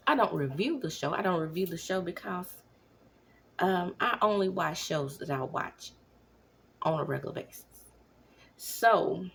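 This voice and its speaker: A woman in her thirties giving casual commentary at home, animated, now and then dropping into whispers. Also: on the low side, gravelly, a little hiss or hum. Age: 30s. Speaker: vlogger. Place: home, at night.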